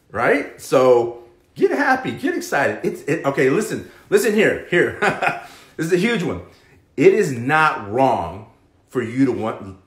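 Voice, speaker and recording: Male fitness live-streamer, pep-talk delivery, swings between loud and hushed, roomy echo. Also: mid-range voice. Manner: pep-talk, keeps asking "okay?" and "right?".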